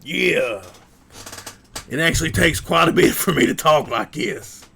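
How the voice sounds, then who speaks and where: A boastful, gravelly lumberjack of a man, as a streamer puts him on, rumbling his words with an exaggerated manly drawl. The voice sits a touch high for all its swagger and crawls along slowly, with plenty of rough fry in it. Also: animated, pushed and bright, a little hiss or hum, full character voice. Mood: macho. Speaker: livestream host.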